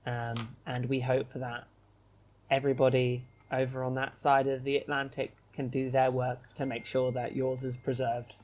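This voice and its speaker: A man's voice: mid-range voice, completely flat delivery, normal speed, a little mellow, muffled recording. A man co-hosting a casual podcast, talking earnestly and emphatically, then with playful self-mockery. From United Kingdom. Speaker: podcast co-host.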